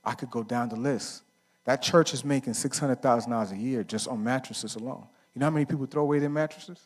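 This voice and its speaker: A man's voice: medium pitch, fast. A middle-aged man giving a casual, story-filled talk at a men's conference, asking the audience questions and answering them himself. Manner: casual, uses slang and fillers like "right?". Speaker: conference speaker.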